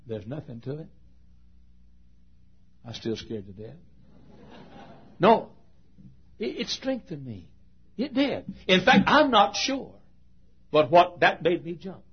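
An older male preacher tells a sermon story, his voice swinging from loud proclaiming to hushed asides. His voice sits high and lively with a husky edge. The recording is dull and lo-fi.

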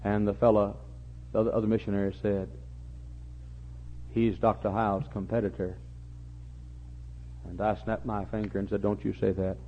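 An older man preaching a sermon, repeating his phrases and building to impassioned, near-shouting peaks. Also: fairly low pitch, little pitch movement, moderate pace, long pauses, slight background noise. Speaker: pastor. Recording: muffled lo-fi recording.

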